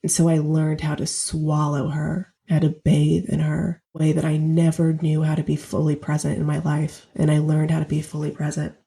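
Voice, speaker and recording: A woman's voice: deep voice, completely flat delivery, moderate pace, creaky, hardly any pauses, dark tone. A woman around thirty, a poet guest on a podcast interview, telling her story in a heartfelt, reflective way.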